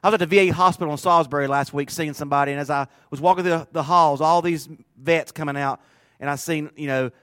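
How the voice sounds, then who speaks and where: A man's voice: on the high side, steady tone, fast, a bit bright, no room sound, clean studio sound. A male pastor preaching a sermon in a conversational, emphatic way, often repeating phrases.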